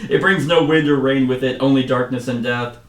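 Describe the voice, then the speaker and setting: A man's voice: mid-range voice, steady tone, fairly quick, far from the mic, natural voice. Man doing a stern female commander in a tabletop game read-aloud, commanding, drifting accent, roomy and off-mic. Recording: roomy sound from away from the mic.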